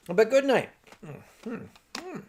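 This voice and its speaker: Older male stream host, unhurried and rambling, gravelly tone, lively swoops in pitch. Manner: rambling, wry, with frequent fillers and restarts. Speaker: livestream host. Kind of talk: casual chat reading viewer comments.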